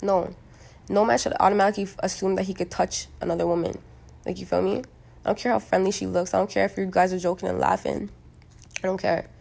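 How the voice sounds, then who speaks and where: A young woman rambles in a loose solo monologue. Her voice is gravelly and a little hoarse from smoking, and it sits at an ordinary middle pitch. She talks bluntly and with a lot of cursing, and she keeps stressing her points with likes and you-knows. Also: little pitch movement, quick pace, darkish tone.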